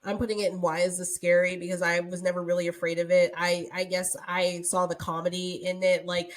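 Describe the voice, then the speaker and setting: A woman's voice: on the low side, little pitch movement, fairly quick. A young woman co-hosting a podcast, chatting casually and rambling with many fillers. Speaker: podcast co-host. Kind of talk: casual chat.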